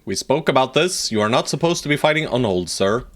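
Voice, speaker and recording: A man's voice: mid-range voice, expressive, brisk, fairly bright tone. A man streaming a strategy game live, chatting playfully to viewers and bossing his units around with casual swearing. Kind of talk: live gameplay commentary.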